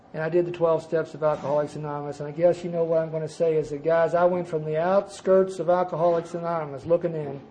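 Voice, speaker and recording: An older man with a fairly high voice gives a personal recovery testimony to a conference audience. He tells his story emphatically, jumping from loud outbursts to quiet, dropped-off asides, and a faint hiss of noise sits under his voice. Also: low-quality recording. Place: conference gathering before a live audience.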